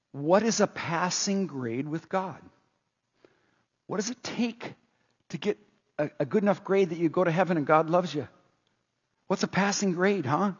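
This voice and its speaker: Husky pastor guy preaching, lots of questions to the crowd, echoey church hall. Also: high voice. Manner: earnest, rhetorical questioning preacher. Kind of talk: sermon. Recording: dull lo-fi sound with long hall reverb.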